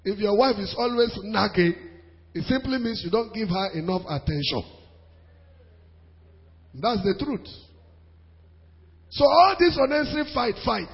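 A man preaching a sermon to his church, animated, with pidgin asides and laughter. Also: sits high, unhurried, pauses often. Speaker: pastor. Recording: dull sound in a reverberant hall.

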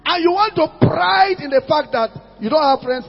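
A man's voice: very high-pitched, expressive, normal speed, creaky, faint music behind. A man preaching a sermon as pastor, calling out to his congregation and asking them for responses. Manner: preaching with call-outs to the congregation. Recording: muffled lo-fi recording in a reverberant hall.

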